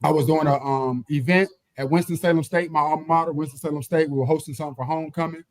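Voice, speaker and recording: Animated man telling stories, dry close sound. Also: on the high side, fast, no echo. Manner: animated storyteller, swears casually, acts out quotes loudly. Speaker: podcast guest. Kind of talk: casual storytelling chat.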